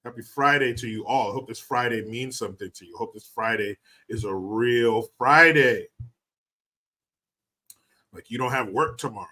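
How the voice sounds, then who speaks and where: This man's voice sits in the mid-range, sharp in tone and at normal speed. Hosting a casual livestream, he reads out donations and thanks viewers between sarcastic, mocking rants full of profanity.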